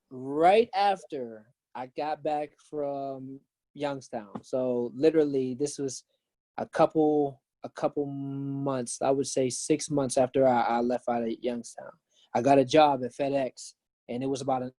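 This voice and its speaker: A man, a pastor guest, telling a personal story in earnest, lively casual conversation. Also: medium pitch, dry recording. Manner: earnest, animated when retelling.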